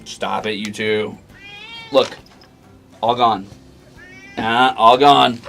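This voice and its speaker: A man's voice: mid-range voice, fairly bright tone, a little hiss or hum. A young man streaming, talking to and scolding his cats in a playful, teasing way. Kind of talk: casual chat with pets on stream. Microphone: desk mic.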